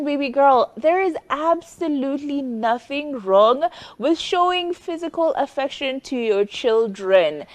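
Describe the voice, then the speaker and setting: A young woman, co-hosting a casual advice chat, animated and expressive with disgusted exclamations. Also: high-pitched, unhurried, hardly any pauses. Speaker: talk show co-host.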